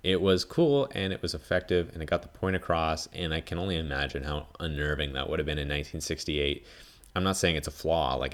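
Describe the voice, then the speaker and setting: A man hosting a podcast, giving a casual, rambling film review full of "like" and frequent swearing. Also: a bass voice. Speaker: podcast host.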